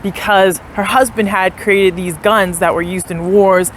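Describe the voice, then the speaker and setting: Her mid-range voice is unhurried with fairly even intonation, heard over slight background noise. The young vlogger narrates a casual tour of a historic house for viewers, outdoors and in the tourist building, using lots of "like" and unsure asides.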